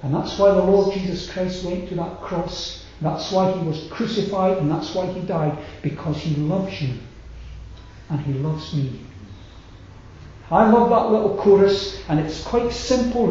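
A man preaching a sermon earnestly, building emphatic lists and dropping quiet on key lines. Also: high-pitched, animated, a little slow. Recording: echoey room with faint noise, dull sound.

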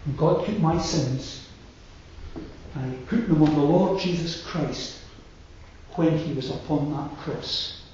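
A man preaching a sermon earnestly, building emphatic lists and dropping quiet on key lines. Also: on the high side, slow pace. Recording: echoey room with faint noise, dull sound.

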